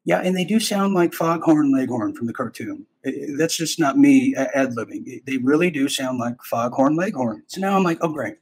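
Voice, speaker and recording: A man's voice: mid-range voice, animated, moderate pace, few pauses, a little mellow, slightly rough, rough recording. A man hosting a podcast, telling a rambling, self-interrupting personal story in a casual way and acting out bits of dialogue. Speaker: podcast host.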